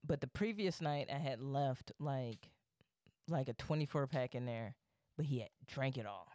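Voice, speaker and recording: Young guy podcast host, smooth voice kinda high, tells stories loud and swears a lot, dry sound. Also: normal speed, no room sound. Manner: animated storyteller, swears freely, acts out quotes. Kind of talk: casual storytelling chat.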